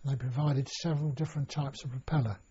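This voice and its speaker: A man's voice: medium pitch, fairly even intonation, fast talker, dark tone, slightly rough. An older man recalling his past in an oral history interview, rambling with many restarts and fillers. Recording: dull lo-fi recording.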